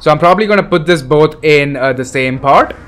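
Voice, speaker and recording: A young man hosting a horror game playthrough, reacting loudly and excitably, with frequent swearing. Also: a little high, brisk, slight background noise. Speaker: gaming channel host. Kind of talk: let's play commentary.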